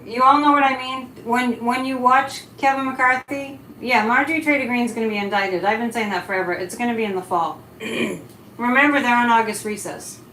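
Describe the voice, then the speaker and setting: A fairly high-voiced woman talks casually on a live stream, chatty and animated. The room is echoey, with a faint hiss of noise behind her. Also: normal speed. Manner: chatty and animated, reads chat comments aloud. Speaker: psychic livestream host.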